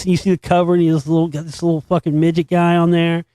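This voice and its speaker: A middle-aged man talks casually and with lots of swearing, his voice a little higher than most men's. He tells his stories in an animated, amused way. The sound is dry and close, with no room in it. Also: brisk, no echo. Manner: profane, animated, laughs while recounting. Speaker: podcast host. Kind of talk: casual storytelling monologue.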